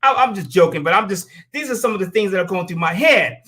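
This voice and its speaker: A man's voice: high-pitched, lively intonation, fast, sharp tone. A man from the United States hosting a show, delivering a heated, profane opinion monologue and telling stories with acted-out quotes. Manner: blunt, profane, heated ranting. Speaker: show host.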